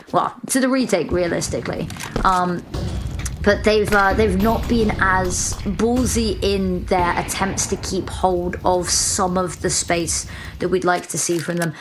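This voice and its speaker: A British woman calls a live esports match as the analyst, breaking down plays with wry, joking asides. Her voice sits at an ordinary middle pitch, with a faint hiss of noise behind it. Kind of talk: live esports color commentary.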